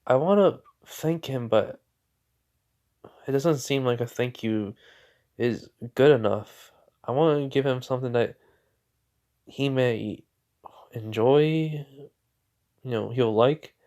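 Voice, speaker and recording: A man voicing a caring, flustered teenage girl, speaking soft and quiet in a story retelling. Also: medium pitch, slow, long pauses. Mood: shy.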